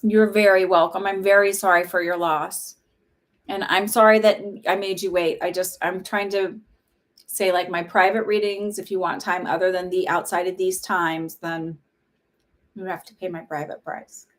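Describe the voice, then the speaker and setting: A woman talking casually on a livestream as a psychic medium, chatty and warm, with lots of "like" fillers. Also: lowish voice, level tone, normal speed. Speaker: psychic medium hosting live readings.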